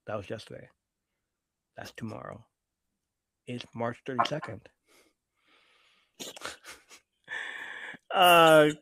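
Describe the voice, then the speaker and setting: A man's voice: medium pitch, creaky, fairly bright tone, no echo. Man casually hosting a live podcast. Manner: reads viewer messages aloud, laughs often. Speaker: podcast host reading chat. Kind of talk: casual live-stream chat.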